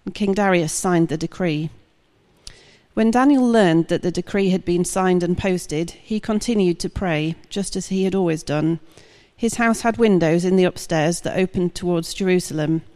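A woman reading a long scripture passage aloud at a steady, measured pace. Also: on the low side, big-room sound. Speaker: scripture reader.

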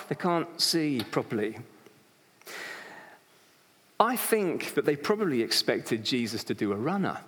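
A man delivers a sermon to a congregation in a hall where his voice rings with a long reverb. His voice sits a little high for a man. He keeps it conversational, breaking into jokes and small acted-out quotes. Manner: lively and conversational, with humorous asides and acted-out quotes. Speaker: preacher.

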